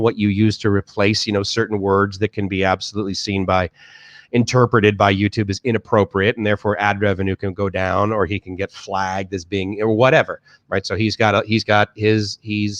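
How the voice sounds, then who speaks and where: A man's voice: on the low side, steady tone, a little fast, no echo. A man from the Boston area with a Boston accent, chatting casually on a live stream, reading viewer comments and rambling with many restarts and fillers. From Boston area, USA. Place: home, in Bangkok.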